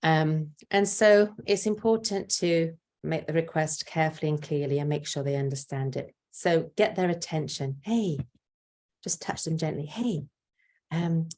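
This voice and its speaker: An older woman with a low, grounded voice gives parenting advice in a gentle, patient way. She explains calmly and steps into short spoken examples of what a parent might say to a child. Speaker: parenting speaker. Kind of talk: parenting talk.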